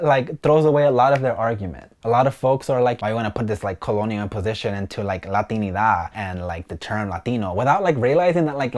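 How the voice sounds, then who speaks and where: A man's voice: mid-range voice, darkish tone. Chatty young man in a casual vlog. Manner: chatty, fills speech with "like"; informal and slangy. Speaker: video creator.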